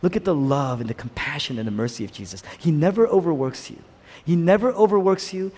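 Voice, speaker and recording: A male preacher delivers a sermon with earnest, emphatic repetition. His voice is husky and sits on the higher side for a man. A long hall reverb trails each phrase. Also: animated, brisk, darkish tone.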